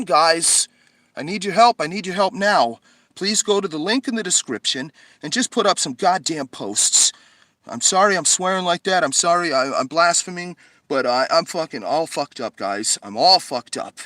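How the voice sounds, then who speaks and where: A shaky, worn-out man vents to his handheld camera, swearing at every turn and sighing heavily between complaints. His voice sits slightly high and leaps all over the place. The sound is close and dry, with no room echo. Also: fairly bright tone. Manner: agitated, swears constantly, sighs heavily. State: tired and shaky. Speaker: vlogger. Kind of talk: angry profane vlog rant.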